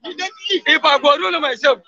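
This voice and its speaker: A man's voice: very high voice, unhurried, lo-fi sound, a crowd in the background. A man with a Nigerian Pidgin English accent giving an emphatic street interview, sprinkling his talk with oaths. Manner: emphatic pidgin English, swears wallahi often.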